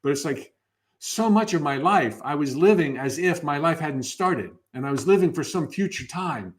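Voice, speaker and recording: A man's voice: on the high side, lively intonation, moderate pace. A man in his fifties hosting a live motivational workshop, upbeat and enthusiastic, often restarting his phrases. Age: 50s.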